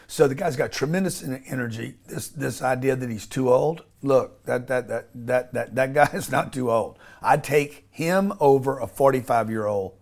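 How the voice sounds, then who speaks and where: A man's voice: mid-range voice, normal speed, vocal fry, hardly any pauses, darkish tone. A man speaking as an interview guest, blunt and emphatic, often restarting and swearing casually.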